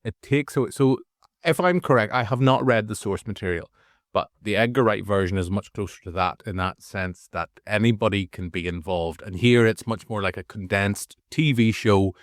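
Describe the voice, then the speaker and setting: A Northern Irish man co-hosting a movie review podcast, rambling casually with restarts and animated asides. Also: fairly low pitch, moderate pace, dry recording, clean studio sound. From Northern Ireland. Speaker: podcast co-host.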